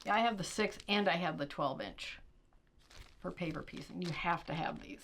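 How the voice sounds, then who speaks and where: A middle-aged woman hosting a casual quilting unboxing, chatting and thinking out loud, with stretches where she reads product blurbs aloud. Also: lowish voice, moderate pace, noisy background. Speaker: quilting channel host.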